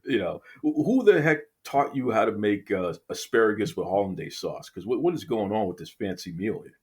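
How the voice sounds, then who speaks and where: A man's voice: fairly low pitch, lively intonation, a little fast, a little mellow. A man from Boston hosting a casual interview, teasing his guest playfully and often repeating words as he starts a sentence. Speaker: podcast host.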